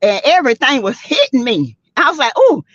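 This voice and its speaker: A woman's voice: fairly high pitch, very animated, a little fast, fairly bright tone, dry recording, dull audio. A woman with a Southern US accent hosting a casual live gossip chat, sassy and laughing often as she greets viewers. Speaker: live-stream host.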